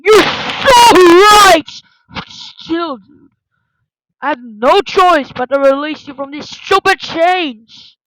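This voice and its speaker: A woman doing a solo fan dub of an animation, voicing every character with lots of yelling and screaming, through a deliberately overdriven mic. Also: high voice, dry recording, poor audio. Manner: yelling, screaming, dramatic shifts between roles. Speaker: fan voice-over artist. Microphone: deliberately distorted cheap mic.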